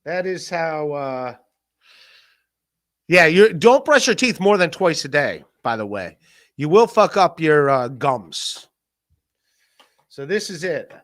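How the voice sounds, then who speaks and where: A man hosting a podcast, rambling in a casual solo rant, swearing, laughing often and mock-shouting the people he quotes. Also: fairly high pitch, very animated, slow, pauses often. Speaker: podcast host.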